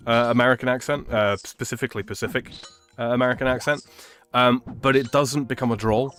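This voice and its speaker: A man's voice: mid-range voice, fairly bright tone. Musing male streamer, chatting over game music. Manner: musing, hesitant, thinks aloud with many fillers. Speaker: streamer host. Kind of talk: casual chat while gaming.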